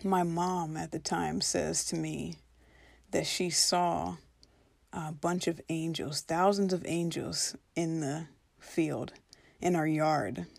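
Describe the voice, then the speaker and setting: A woman's voice: low-pitched, fairly even intonation, slow pace, gravelly, darkish tone, no room sound. A woman telling a personal spiritual story in an earnest, reflective way, now and then acting out her own past reactions.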